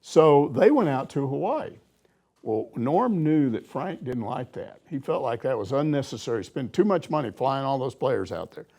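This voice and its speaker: A man's voice: medium pitch, normal speed. An older man, a sports reporter, telling anecdotes in a casual chat and laughing as he goes. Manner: animated storyteller, laughs through anecdotes. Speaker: sports reporter answering questions.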